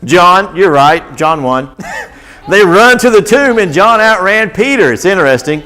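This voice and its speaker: A man with a drawl tells a Bible story to a room of children. His voice is lively and bouncy, swinging up and down as he keeps asking the kids questions. He sits a little high for a man. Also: a little slow. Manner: animated, asks children questions. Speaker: children's Bible class teacher.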